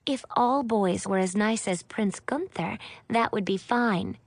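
A woman voicing a confident teenage girl friend with a slow, knowing delivery. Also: mid-range voice, no room sound, studio quality.

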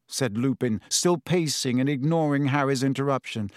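A man narrating a storybook in an expressive, lively manner. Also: mid-range voice, normal speed, hardly any pauses, no echo, studio quality. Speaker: audiobook narrator.

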